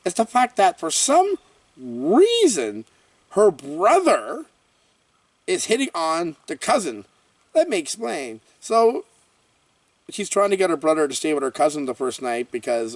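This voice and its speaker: Excitable man, lively up-and-down voice. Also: a little high, dry recording, recorded from a distance. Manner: excitable and rambling, with frequent exclamations and fillers. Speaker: horror movie reviewer, channel host. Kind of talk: casual movie review vlog.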